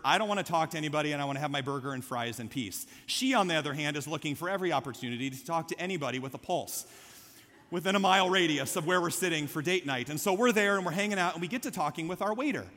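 A middle-aged male pastor preaches with a bright, forceful voice pitched a little high. He tells his story in a lively, conversational way. His words ring out with a long reverb in a big hall. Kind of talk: sermon.

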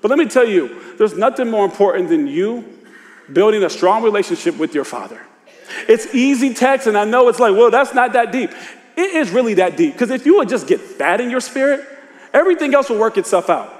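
A man preaching a sermon in loose, casual speech, dropping to a hush and rising to shouts. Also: high-pitched, sing-song, a little fast. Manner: swings from hushed confession to shouted exhortation; informal Southern-tinged preacher speech, "y'all" and "ain't". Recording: long hall reverb.

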